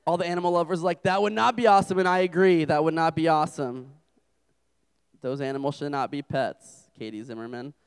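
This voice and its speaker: A man's voice: on the high side, level tone, brisk, smooth. A young adult man preaching a humorous sermon to a campus group, telling self-deprecating stories as a father. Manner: joking, self-deprecating storyteller.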